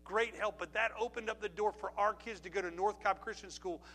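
A man's voice: high voice, fairly even intonation, brisk, a bit bright. A middle-aged man preaching a sermon, telling stories with emphasis and repeating phrases before an altar call. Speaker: pastor.

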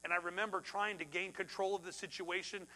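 A man preaching, middle-aged, his voice sitting high and bright. He swings between ringing, forceful outbursts and quiet, hushed passages as he tells a story from the pulpit. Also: fairly quick, low-quality recording. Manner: animated, swings from loud outbursts to hushed tones. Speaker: pastor. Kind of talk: sermon with personal story.

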